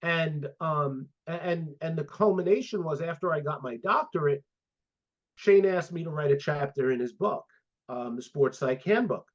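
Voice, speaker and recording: A man in his fifties, a guest psychologist, talks through his career in a casual interview, animatedly acting out quoted conversations at a moderate pace. His voice sits a little high for a man, and the muffled audio is dull and lo-fi.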